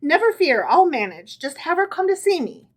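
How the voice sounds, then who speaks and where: A woman's voice: very high voice, sing-song, moderate pace, voice pushed up. A woman playing a haughty rabbi's wife. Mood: condescending.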